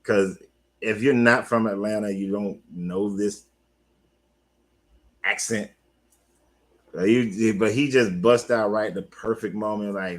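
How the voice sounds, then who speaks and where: A man talking casually on his own, an animated coach who repeats himself and talks back to the listener. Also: lowish voice, slow, long pauses, poor audio. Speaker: life coach. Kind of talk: casual monologue.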